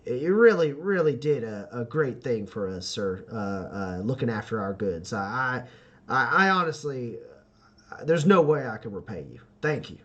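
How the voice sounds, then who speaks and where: A man voicing a humble middle-aged frontier homesteader who talks in a halting drawl full of pauses. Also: mid-range voice, animated, fairly bright tone, lo-fi sound, voice pushed down. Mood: earnest thanks.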